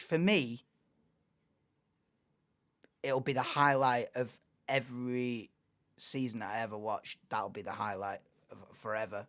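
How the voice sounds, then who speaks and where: Excitable young woman streamer. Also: rumbling low, a little slow. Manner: excitable, rambling, laughs often. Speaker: live stream host. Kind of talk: casual live watchalong chat.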